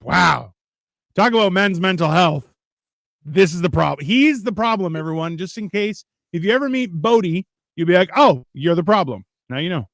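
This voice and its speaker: A man's voice: high voice, expressive, moderate pace, creaky, no room sound, studio quality. Crude, mocking man on a live stream. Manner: mocking, profane, loud mimicry of others. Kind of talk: crude casual banter.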